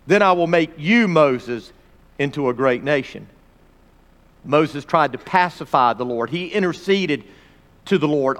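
A man teaching a Bible lesson, reading scripture dramatically with pauses and stopping to point out phrases. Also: on the high side, expressive, a bit bright. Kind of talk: expository sermon reading scripture. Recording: long reverb of a large hall.

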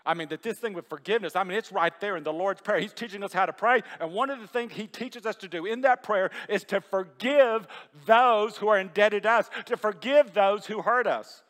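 A man's voice: high-pitched, fairly quick, hardly any pauses, fairly bright tone, in a large hall. A man preaching a sermon to a congregation, chatty and full of questions to the room. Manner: conversational, asks the congregation questions. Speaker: pastor. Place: church hall with a congregation.

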